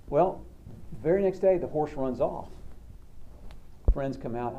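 A man's voice: medium pitch, normal speed, warm tone, slight background noise, low-quality recording. A man counselor giving a sermon-like talk, conversational and storytelling, often repeating words.

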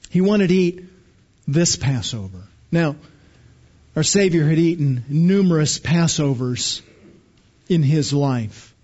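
Emphatic high-voiced male preacher, muffled sound. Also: a little mellow. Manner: emphatic, repeats words for stress, frequent restarts. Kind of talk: expository sermon.

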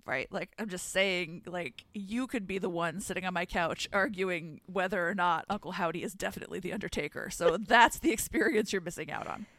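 A woman's voice: lowish voice, a little fast, hardly any pauses, fairly bright tone, dry recording. A woman co-hosting a podcast in casual chat, joking playfully. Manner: joking, playful, does voices. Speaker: podcast co-host.

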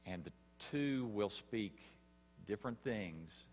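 Low-voiced man preaching a sermon. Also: animated, long reverb tail, slight background noise. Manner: earnest, emphatic preaching with pauses and rising stress. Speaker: pastor.

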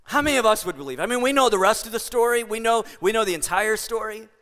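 A male pastor delivering a sermon in a chatty, animated way, leaning into stories. His voice is high and bright. The church hall gives it a long, ringing reverb. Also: fast. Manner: conversational, animated storytelling.

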